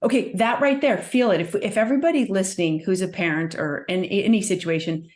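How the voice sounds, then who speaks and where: A woman working as a somatic trauma practitioner, talking as an interview guest in an earnest, soothing way and guiding with gentle prompts. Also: medium pitch, brisk. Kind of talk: guest in conversation, gentle coaching.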